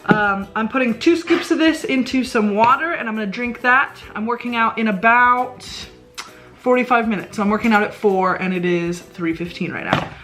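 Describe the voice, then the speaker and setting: Soft music plays behind a woman vlogging at home about her food, her casual diary chatty and rambling with plenty of ums and fillers. She speaks at a moderate pace in a high-ish, slightly bright voice.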